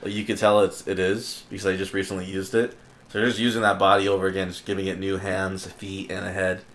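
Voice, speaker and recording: A man's voice: sits low, monotone, fast talker, fairly bright tone. A man co-hosting a casual podcast, with blunt joking asides. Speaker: podcast co-host.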